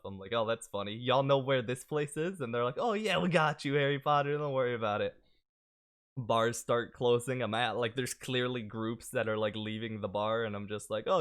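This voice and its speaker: Rambling young man with a smooth voice. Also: mid-range voice, fairly bright tone. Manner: rambling, filler-heavy, laid-back. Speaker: podcast host. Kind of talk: casual storytelling.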